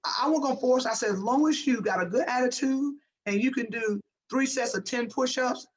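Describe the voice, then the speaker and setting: A woman's voice: fairly high pitch, brisk, low-quality recording. A woman guest speaking as a basketball coach, emphatic and motivational, repeating phrases for effect. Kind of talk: motivational interview talk.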